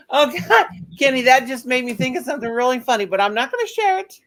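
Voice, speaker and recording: A woman's voice: high-pitched, fairly bright tone. Woman, middle-aged, host, chatty storyteller, rambling, casual chat. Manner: rambling, chatty storyteller who laughs a lot. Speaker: channel host.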